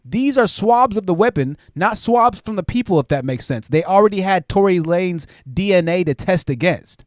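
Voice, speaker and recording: A live-stream host, a man whose voice sits high and leaps up and down as he talks. He reads viewer super chats aloud and reacts with loud exclamations. The sound is dry and close, with no room in it. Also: normal speed, no room sound. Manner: animated, exclaiming, thinks aloud. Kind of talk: commentary reading super chats.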